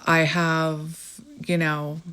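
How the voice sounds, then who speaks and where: A woman's voice: deep voice, flat delivery, very slow, clear, resonant tone. A woman in her thirties with a Canadian accent, giving a reflective, meandering spiritual tarot reading to her viewers. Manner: gentle, reflective, meandering with fillers. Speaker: tarot reader.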